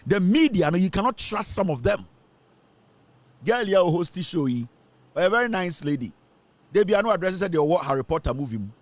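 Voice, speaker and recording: A man's voice: high voice, big pitch swings, brisk, pauses often, no echo. A Ghanaian man hosting a political commentary show, ranting and mocking as he switches between English and Twi.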